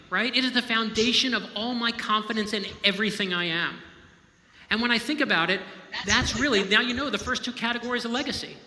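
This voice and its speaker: A man with a very high voice speaks briskly over background noise as he gives an inspirational storytelling talk. A novelist, he is emphatic and conversational, often checking in with listeners, in a hall with long, echoing reverb.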